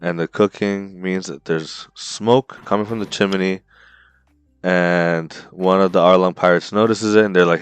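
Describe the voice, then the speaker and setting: A man with a very low, smooth voice recaps a story for his podcast co-host. He tells it with excitement and slang, dropping bro and dude often. The sound is close and dry, with no room around it. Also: unhurried, dry recording. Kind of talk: casual chat.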